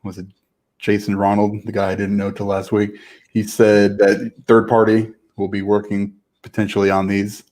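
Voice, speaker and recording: A man's voice: on the low side, completely flat delivery, a little mellow. Easygoing man co-hosting a podcast. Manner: easygoing, agreeable, quick back-and-forth. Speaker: podcast co-host. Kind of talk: casual podcast chat.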